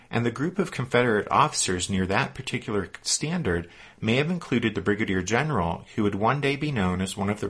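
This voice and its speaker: A man reading scripted historical narration in a measured storytelling manner. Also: fairly low pitch, a bit bright, breathy edge.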